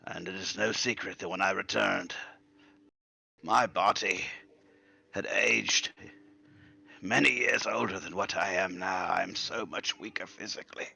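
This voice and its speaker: A man's voice: sits low, steady tone, a little slow, vocal fry, pauses often, pushed and bright, breathy edge, heavily acted. A man voicing a frail, senile old male wizard who rambles, trails off and sometimes whispers. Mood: confiding.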